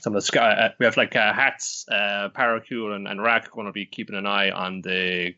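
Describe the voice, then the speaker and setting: A man co-hosting a casual recap chat, talking in a halting way with frequent pauses and restarts. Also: fairly low pitch, fairly even intonation, bright, forceful tone, dull audio. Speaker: podcast co-host.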